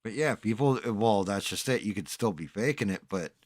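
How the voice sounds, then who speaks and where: Man, stream host, low-ish voice, dry sound, animated storyteller. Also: a little fast, dry recording. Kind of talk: casual chat.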